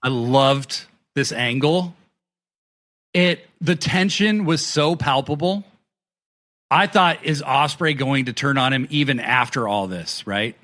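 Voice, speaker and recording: A man co-hosting a wrestling review podcast, talking excitedly and swearing freely as he recaps matches and acts out the wrestlers' lines. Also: medium pitch, takes it slowly. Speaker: podcast co-host. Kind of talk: casual wrestling review chat.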